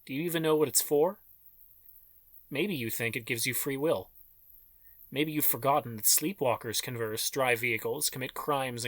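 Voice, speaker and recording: A man's voice: medium pitch, a bit bright, dry recording. A man reading an audiobook in scripted, dramatic narration.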